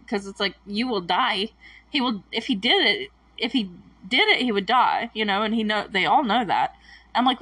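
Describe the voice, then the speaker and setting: Woman, casual recap, animated, laughs often, dry sound, a little distant from the mic. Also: medium pitch, moderate pace, breathy edge, dry recording. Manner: animated, laughs often, acts out characters' lines. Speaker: recap host.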